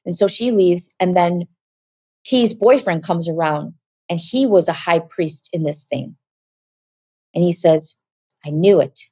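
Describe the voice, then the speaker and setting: A woman giving a personal testimony as an interview guest, telling her story in a lively way and acting out what people said. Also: lowish voice, measured pace, pauses often, dry recording. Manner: animated, acts out dialogue in quoted voices.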